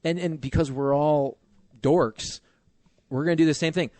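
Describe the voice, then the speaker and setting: A man hosting a sports talk radio show, chatting casually with animated, joking asides. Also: a little high, normal speed, no echo.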